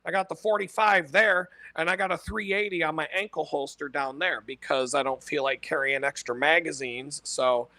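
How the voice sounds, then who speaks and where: A man's voice: a little high, pushed and bright, no echo. A man telling blunt stories in a casual monologue, swearing constantly and laughing at his own punchlines. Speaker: podcast host. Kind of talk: casual profane storytelling monologue.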